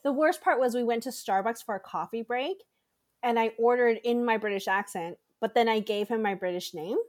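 A young woman co-hosting a casual chat podcast, telling animated stories and acting out quotes with frequent laughter. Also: fairly high pitch, a little fast. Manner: animated storyteller, acts out quotes, laughs often. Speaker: podcast co-host.

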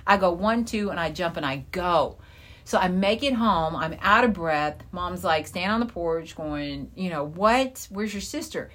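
A middle-aged woman co-hosting a podcast in casual chat, telling lively stories and jumping into a high voice when she quotes people. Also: unhurried. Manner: animated storyteller, voice jumps high when quoting. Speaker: podcast co-host.

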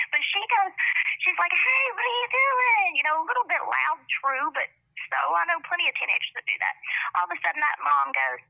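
A woman chatting casually on a podcast, telling a story in an animated way and acting out what people said. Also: sits high, brisk, vocal fry. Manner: animated storyteller, acts out quotes. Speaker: podcast co-host. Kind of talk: casual chat. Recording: dull lo-fi podcast audio.

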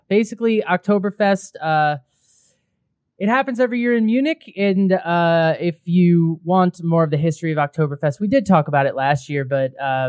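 Excitable male podcast co-host. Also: on the high side, clean tone, no echo. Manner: playful, excitable, jokey. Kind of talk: casual chat.

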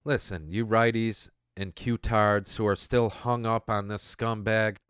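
A man's voice: fairly low pitch, steady tone, slow pace, a bit bright, clear, resonant tone, no echo, clean studio sound. A man hosting a show, ranting in scornful political commentary with a sneering, mocking manner. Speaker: podcast host.

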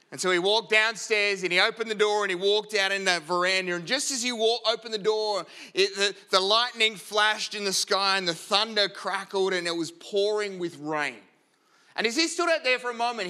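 A man's voice: high-pitched, pushed and bright. A middle-aged man preaching a sermon, praying earnestly and then telling a joke to make his point. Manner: earnest, storytelling, self-deprecating. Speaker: pastor. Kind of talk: sermon with prayer and storytelling.

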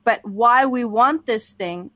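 A woman co-hosting a casual talk show, reading a book aloud in a measured, thoughtful way. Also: on the high side, a bit bright, dry recording. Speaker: podcast co-host.

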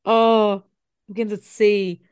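A woman's voice: medium pitch, level tone, slow pace, a little mellow, clean tone, dry recording, studio quality. An Irish woman in her thirties co-hosting a podcast, chatting and telling stories, swearing freely and acting out what people said. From Ireland. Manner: chatty storyteller, swears freely, acts out quotes. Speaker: podcast co-host. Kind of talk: casual chat.

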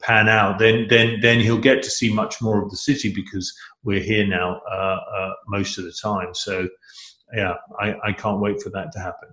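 A man's voice: on the low side, level tone, normal speed, bright, forceful tone. A middle-aged man chatting as a guest in a casual conversation, enthusiastic and rambling, with many restarts. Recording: echoey room.

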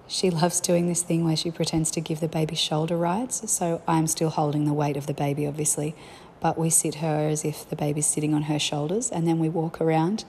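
Candid, musing stories of family life come from a young mother chatting casually. Her voice is fairly low in pitch and dark in tone, with a little hiss or hum.

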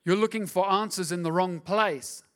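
A man's voice: high-pitched, normal speed, fairly bright tone. A pastor preaching a sermon, pressing his listeners with repeated, emphatic questions.

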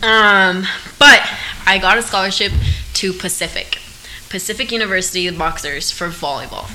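A young woman from Oregon, a podcast guest in casual chat, animated and mixing in Spanish. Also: mid-range voice, normal speed, a little hiss or hum, poor audio. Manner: animated, laughs often, mixes in Spanish.

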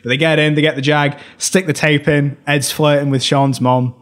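A man's voice: fairly high pitch, level tone, normal speed. A British man co-hosting a film podcast, recapping scenes in a rambling casual way, laughing often and restarting his sentences.

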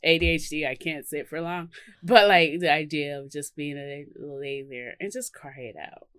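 Woman, podcast co-host, low pitch, lots of laughs and fillers, dry recording. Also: fairly even intonation, moderate pace, no room sound. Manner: chatty, laughs often, many fillers. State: hiccups. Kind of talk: casual podcast chat.

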